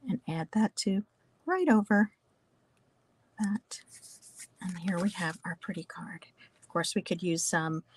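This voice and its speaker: A woman from New Jersey teaching a casual card-making class, chatty and talking through each step with small asides. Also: mid-range voice. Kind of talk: casual craft tutorial.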